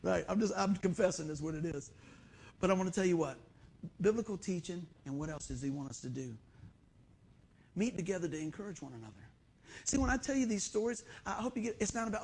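A middle-aged man preaching a sermon as pastor, in a folksy, animated storytelling way. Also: sits high, fast, a little hiss or hum.

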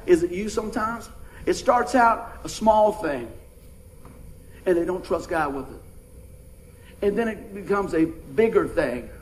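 A middle-aged man preaches in a loose, conversational way, tossing questions out to the pews. His voice sits high for a man. A faint noise floor runs under the recording. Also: rough recording. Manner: folksy, conversational preaching with audience call-outs. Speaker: pastor. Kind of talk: sermon.

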